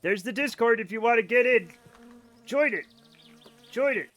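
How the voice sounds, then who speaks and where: A man's voice: extremely high pitch, expressive, moderate pace, fairly bright tone. A young American man streaming a game, chatting casually and answering his chat with jokes.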